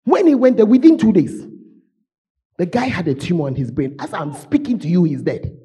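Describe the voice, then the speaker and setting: A man preaching a sermon in a church, voice hoarse, swinging from shouts to low murmurs. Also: sing-song, moderate pace. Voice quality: husky. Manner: emotional, shouting preaching with sudden drops to low tones. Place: church sanctuary.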